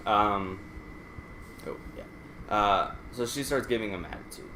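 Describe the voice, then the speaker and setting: A man's voice: lowish voice, sharp tone, a little hiss or hum. A man casually telling a rambling, profane story while playing a game. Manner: profane, rambling anecdote with restarts. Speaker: let's play gamer. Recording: echoey room.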